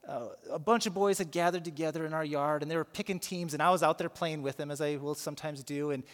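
Guy pastor preaching, kinda high voice, lots of restarts, big echoey church. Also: steady tone, quick pace. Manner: storytelling with frequent repeated words and restarts. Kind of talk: sermon. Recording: long reverb of a large hall.

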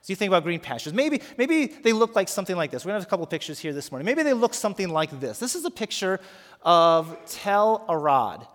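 A man's voice: high-pitched, big pitch swings, quick pace, a bit bright, big-room sound. A man preaching a sermon as pastor, earnest and emphatic, leading prayer and guiding the congregation. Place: worship center.

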